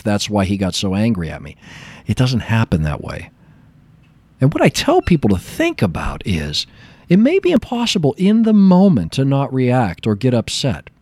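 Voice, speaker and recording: Male therapist, lively storyteller, expressive pitch, dry booth-like sound. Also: no room sound. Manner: animated storytelling, acts out dialogue. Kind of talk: explanatory talk with personal anecdote.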